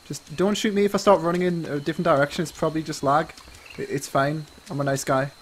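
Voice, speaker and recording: A man's voice: on the high side, steady tone, fast, a little hiss or hum, rough recording. A man streaming a game, chattering nervously and jokingly while pleading with his captors over a headset mic. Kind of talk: live game stream chat.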